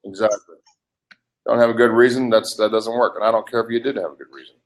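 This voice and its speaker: A man's voice: lowish voice, fairly even intonation, quick pace. An older man in a heated live webcast argument, ranting in an agitated, profane way. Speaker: livestream participant.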